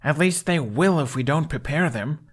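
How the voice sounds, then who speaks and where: A man's voice: fairly high pitch, expressive, moderate pace, husky, pitched above the performer's own voice. A man voicing an anxious, frantic young Viking man who pleads in a raised, urgent voice.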